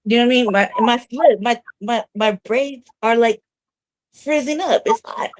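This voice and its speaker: Recording from her own room, a news talk show co-host chats casually, cursing and laughing often as she tells stories. Her voice is fairly high, her pace is moderate, and there's no echo.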